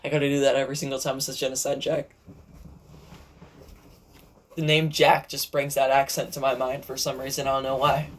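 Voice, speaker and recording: A woman's voice: a bass voice, flat delivery, fast talker, hardly any pauses. A woman giving casual, joking commentary while reading a game's text aloud on a desk mic. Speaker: gaming video creator. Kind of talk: casual let's-play commentary.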